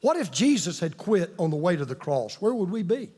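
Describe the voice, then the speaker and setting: A male pastor preaching with emphatic, drawn-out delivery and dramatic pauses. His voice sits notably high for a man. It rings out through a large hall with a long reverb tail. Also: big pitch swings, a little mellow, slightly rough. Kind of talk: sermon.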